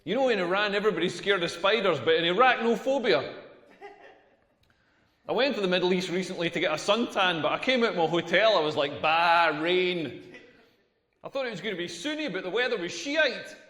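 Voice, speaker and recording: A man's voice: high-pitched, animated, fast talker, a bit bright. A Scottish man doing a crude, self-deprecating stand-up comedy set on a club stage. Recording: echoey room with long reverb.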